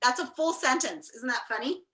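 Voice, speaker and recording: A woman reading a children's book aloud to kids, animated and teacherly, with chatty asides. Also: high voice, fairly quick, reverberant. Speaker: storybook reader.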